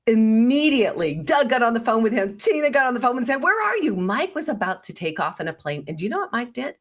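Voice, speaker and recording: A woman's voice: a little high, very animated, fast talker. A woman co-hosting a talk show, enthusiastic and emphatic as she tells her points. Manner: enthusiastic, emphatic, laughs often. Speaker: co-host, coach.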